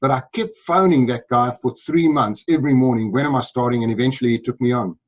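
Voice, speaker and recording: A man's voice: medium pitch, quick pace. Upbeat South African man, lo-fi audio. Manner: upbeat, enthusiastic storytelling. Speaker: guest sales speaker. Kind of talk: interview.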